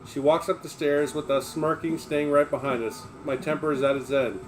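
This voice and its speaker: A man's voice: fairly high pitch, fairly even intonation, normal speed, faint music behind. A man reading a memoir aloud on a livestream, in an emphatic, blunt manner with plenty of swearing.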